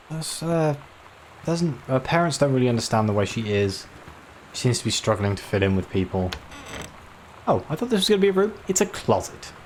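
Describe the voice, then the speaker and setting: A man's voice: on the high side, slight background noise. A man giving let's play commentary, chatty and self-deprecating, reading notes aloud as he explores. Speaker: video game player.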